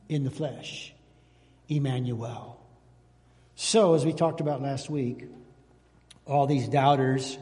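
A man's voice: medium pitch, dark tone, long reverb tail. A man preaching a sermon as pastor, fervent, with rising emphasis and repeated phrases. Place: church sanctuary.

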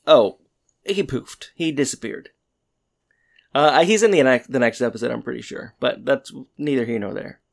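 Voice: medium pitch, normal speed, vocal fry. A co-host in a casual podcast chat, loosely recapping a sitcom episode and moving things along. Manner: loose, chatty, moves the recap along with "so anyway".

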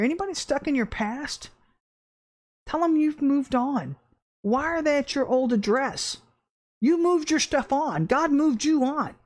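A woman preaching an informal livestream sermon, earnest and animated, repeating phrases for emphasis. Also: high voice. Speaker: preacher hosting a livestream devotional.

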